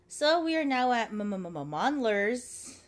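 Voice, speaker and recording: A woman's voice: on the high side, sing-song, slow pace. A woman hosting a podcast, chatting casually through an episode recap and acting out the characters' lines. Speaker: podcast host.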